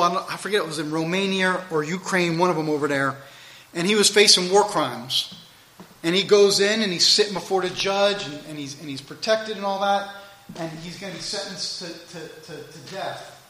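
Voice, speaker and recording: A man preaching a sermon and reading scripture aloud, emphatic, swinging between loud and soft delivery. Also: high voice.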